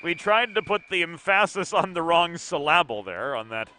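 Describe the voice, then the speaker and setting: A man calling youth hockey play-by-play from an arena, brisk and precise with dry asides. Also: a little high, sing-song, pushed and bright. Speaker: play-by-play commentator. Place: ice arena broadcast position.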